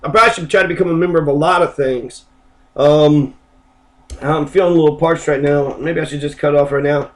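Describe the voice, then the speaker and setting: Brief: man, flu-sick, loose and profane, slightly high-pitched, casual vlog ramble. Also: steady tone, brisk. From Kentucky. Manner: rambling, profane, stop-start. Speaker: political video blogger.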